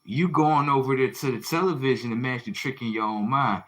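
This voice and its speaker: Talking a little fast with few pauses, this man hosts a livestream in a bright, medium-pitched voice. His monologue is combative and sermonizing, full of rhetorical questions, slang and cursing, and he hammers points by repeating phrases.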